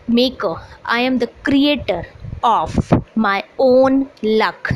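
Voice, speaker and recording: A woman's voice: a little high, a little hiss or hum, rough recording. A woman, lecturing students on a poem and repeating each point to explain it. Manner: repetitive, explanatory, paraphrases lines aloud. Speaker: English teacher.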